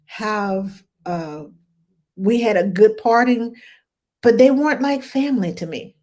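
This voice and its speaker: A career nanny with an expressive, mid-range voice and a darkish tone speaks unhurriedly in a casual chat full of stories. She mimics the voices of people she quotes and laughs frequently.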